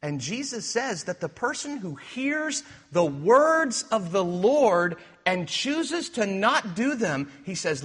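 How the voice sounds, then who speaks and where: A man preaching a sermon, using rhetorical questions and swinging from hushed to emphatic. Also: sits high, very animated, slow pace, hardly any pauses, slightly rough. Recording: reverberant hall.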